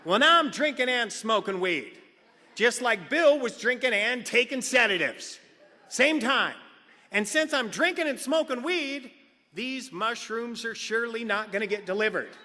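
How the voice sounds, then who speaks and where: A middle-aged man's comic recovery share echoes through a reverberant hall as he tells his stories animatedly, performing the voices of the people he quotes. He speaks in a very high voice at a measured pace.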